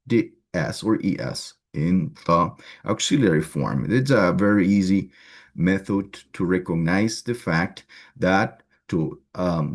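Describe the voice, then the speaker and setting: A man with a Spanish accent teaching an English grammar class, explaining step by step and often checking in with "right?". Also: deep voice. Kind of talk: online class lecture.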